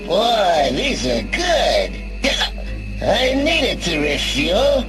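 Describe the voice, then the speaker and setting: Actors voicing a group of boisterous male robot heroes toasting and shouting cheers in an animated film clip. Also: high voice, extremely slow, full character voice. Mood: rowdy cheering. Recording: clip with loud music, distant voices.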